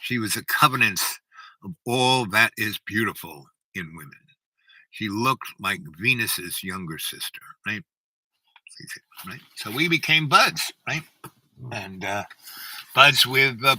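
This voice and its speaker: Bright-voiced older man rambling a story. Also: medium pitch, expressive, a little slow, no echo, low-quality recording. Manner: rambling, keeps asking "right?". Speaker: livestream host. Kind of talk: rambling storytelling to a live chat.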